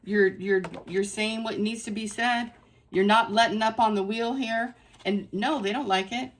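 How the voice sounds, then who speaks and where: A woman's voice: fairly high pitch, fairly even intonation, moderate pace. A woman giving a casual spiritual tarot reading to her viewers, effusive and emphatic, repeating phrases for stress. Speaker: tarot reader.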